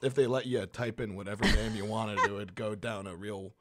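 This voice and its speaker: A man joking on a podcast in a dry, deadpan way. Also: fairly low pitch, brisk, very noisy. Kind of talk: casual podcast banter.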